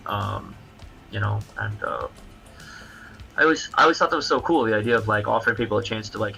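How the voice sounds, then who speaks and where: Gravelly low-voiced man, rambling chat. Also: bright, forceful tone, faint music behind, low-quality recording. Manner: rambling, halting explanations. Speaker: comic book creator guest. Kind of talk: casual livestream chat.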